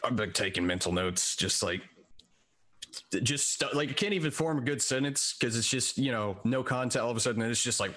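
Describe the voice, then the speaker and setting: A man's voice: medium pitch, fairly quick, sharp tone. A man playing in a tabletop game, chatting casually and hesitantly with lots of fillers. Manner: rambling, hesitant, many fillers. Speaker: player. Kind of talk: casual chat.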